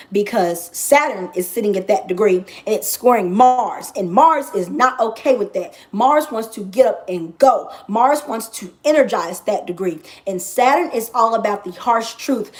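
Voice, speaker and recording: A woman's voice: medium pitch, a little slow. A woman astrologer talking in a casual vlog monologue, brash and profane, and she repeats phrases for emphasis.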